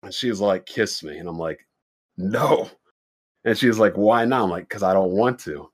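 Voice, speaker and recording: A man's voice: on the low side, fairly quick. A young adult man on a podcast telling a dating story in a blunt, profane, casual way, acting out both sides of the conversation in his own voice. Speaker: podcast host.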